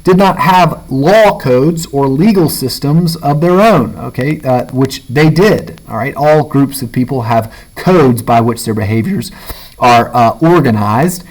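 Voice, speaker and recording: A male teacher talks his students through a novel in a recorded lesson. His voice sits at an ordinary middle pitch. He checks in with "all right?" and "okay?" after nearly every thought, fills gaps with "uh", and slows down when he reads a passage aloud. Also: lively intonation, poor audio. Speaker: high school English teacher. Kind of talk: recorded literature lecture.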